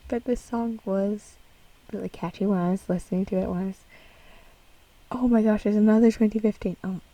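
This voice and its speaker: A young woman chatters through a music video reaction, giggling often and rambling with fillers. Her voice has a breathy, slightly husky edge and sits a little back from the microphone, in a plain room at home. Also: mid-range voice, fairly even intonation, moderate pace, long pauses, mellow, far from the mic, poor audio.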